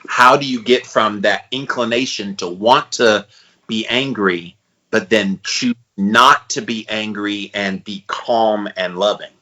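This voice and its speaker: A man in his forties co-hosting a podcast, thinking out loud and steering the chat with questions. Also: on the low side, measured pace, poor audio. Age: 40s. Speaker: podcast co-host.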